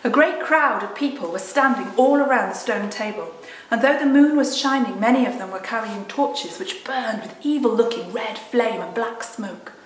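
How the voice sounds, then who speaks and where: A woman leads a children's Sunday school class, reading a storybook aloud gently and with expression. Her voice sits a little high. The room around her gives a noticeable echo. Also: moderate pace, hardly any pauses, a little hiss or hum.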